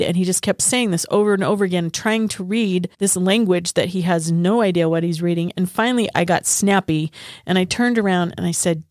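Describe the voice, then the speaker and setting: Casual podcast co-host, woman, lowish voice, dry close mic, chatty storyteller. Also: moderate pace, darkish tone, no room sound. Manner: storytelling, laughs often. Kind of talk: casual faith podcast chat.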